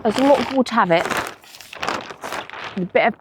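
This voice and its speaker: Over a noisy background, a woman with a fairly high voice talks a little slowly while gardening at her allotment outdoors. She's filming a casual vlog, chatting to the camera with playful asides as if sharing secrets.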